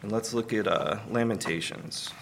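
A man giving a conversational Sunday sermon, relaxed, with many fillers and light humor. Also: lowish voice, moderate pace, gravelly, slight background noise. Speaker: preacher.

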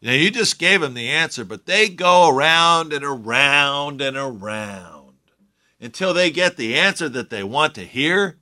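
Guy preaching, chatty and jokey, super bright voice that swings up and down a lot. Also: a little high, expressive, unhurried. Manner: conversational, joking asides. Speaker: pastor. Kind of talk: sermon.

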